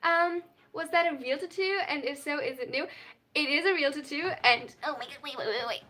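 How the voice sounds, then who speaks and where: A woman's voice: high voice, brisk, bright, forceful tone. A 21-year-old woman from Germany who speaks English with a German accent. She is a live streamer, reading viewers' chat questions aloud and answering them earnestly and openly.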